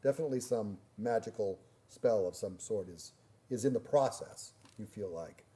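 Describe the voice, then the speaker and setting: Halting man running a tabletop game. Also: fairly low pitch, animated, dark tone. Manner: halting, repeats words while describing. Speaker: game master.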